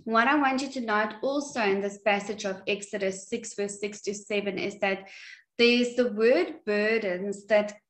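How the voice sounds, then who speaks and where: A woman teaching a Bible study at home in an earnest, unhurried way with some fillers. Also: mid-range voice, steady tone. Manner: slow, earnest, with frequent fillers. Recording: echoey room.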